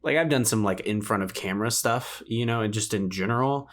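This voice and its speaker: A young man, a guest on a podcast, chatting casually and quickly with many filler words. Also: fairly low pitch. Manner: quick, filler-heavy with lots of "like". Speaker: podcast guest, video creator.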